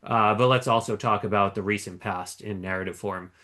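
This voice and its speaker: A man giving an analytical investment presentation, measured and explanatory, with frequent ums and small restarts. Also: on the low side, fairly even intonation, bright, forceful tone. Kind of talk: conference stock pitch. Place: conference presentation.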